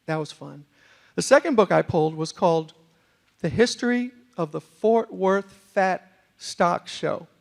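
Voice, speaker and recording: A middle-aged man from New York City telling a humorous story as a speaker in a university lecture hall, with animated comic delivery and asides to the audience. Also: high-pitched, measured pace, creaky.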